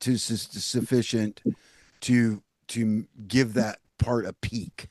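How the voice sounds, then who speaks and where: A man's voice: fairly low pitch, steady tone, takes it slowly, a little mellow, dry recording. A man co-hosting a podcast, giving blunt, emphatic opinions in casual chat. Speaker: podcast co-host.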